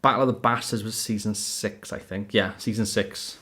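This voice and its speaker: Guy hosting a chatty home podcast, lowish voice, rambles w lots of ums. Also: steady tone, moderate pace, bright, forceful tone, husky. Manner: rambling, many fillers, laughs often. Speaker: podcast host. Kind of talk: casual chat. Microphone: audio-only podcast mic.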